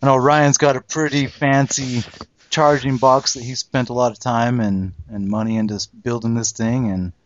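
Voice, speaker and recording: A man's voice: mid-range voice, steady tone, normal speed, a little hiss or hum. Joking male podcast host, dull sound. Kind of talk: casual chat.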